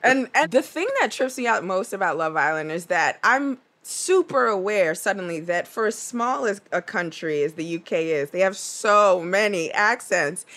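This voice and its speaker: A woman's voice: medium pitch, expressive, moderate pace, hardly any pauses, fairly bright tone. A woman guest on a podcast, talking in a chatty, rambling way with lots of "like". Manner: chatty and rambling, heavy use of "like". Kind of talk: casual chat.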